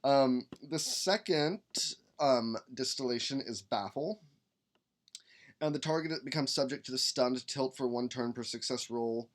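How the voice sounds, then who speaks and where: A man's voice: medium pitch, a little slow. Rambling, upbeat man hosting a stream. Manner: rambling, upbeat, hums while searching rules; reads rules text aloud between asides. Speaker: podcast host building a game character. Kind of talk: casual live-stream chat.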